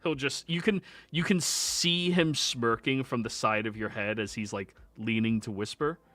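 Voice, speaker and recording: A man narrating a tabletop game as game master in a relaxed, conversational way. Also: mid-range voice, moderate pace, no room sound.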